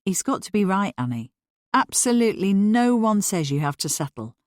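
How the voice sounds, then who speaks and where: A woman reading a cheeky, teasing male friend in a story, lowering her voice for him. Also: very animated, moderate pace, no room sound, studio quality, close to an everyday voice. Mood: serious. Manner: teasing, lazy. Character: cheeky teasing man, lanky old friend.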